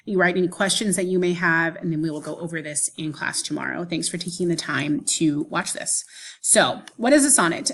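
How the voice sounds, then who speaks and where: Patient woman teacher with a low voice. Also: fairly bright tone. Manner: clear, patient explaining, tapping out rhythms aloud. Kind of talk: classroom video lesson.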